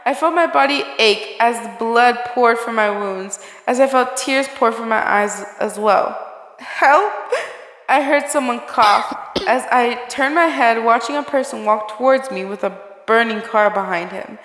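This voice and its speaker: A woman's voice: on the high side, moderate pace, a bit bright, no room sound. Woman reading fan fiction aloud. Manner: stumbles and restarts words while reading; breaks off into chatty, laughing asides. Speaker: story reader.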